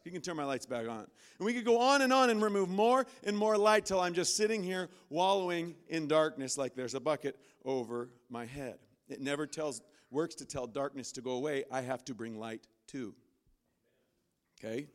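A male pastor preaching from a church stage in an animated way. His voice sits a little high for a man, and he jumps into loud, high-pitched bursts when he acts out the voices in people's heads. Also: normal speed, clean tone. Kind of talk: sermon.

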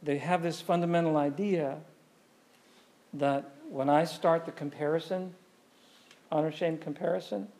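A man delivering a sermon with a gravelly, dark voice. He talks to the congregation in an easy, conversational way and keeps asking them questions. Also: fairly high pitch. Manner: conversational, asks the audience questions. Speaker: pastor.

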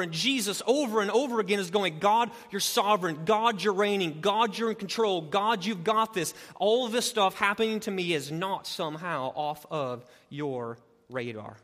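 High, bright preacher in a hall. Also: male voice, lively intonation. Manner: dynamic preaching, swinging from hushed and slow to loud and urgent. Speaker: pastor. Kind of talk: sermon.

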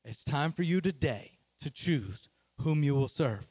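A man's voice: on the high side, animated, measured pace, darkish tone, slightly rough, no room sound. A man voicing a bold, defiant male prophet who talks in brash, streetwise taunts.

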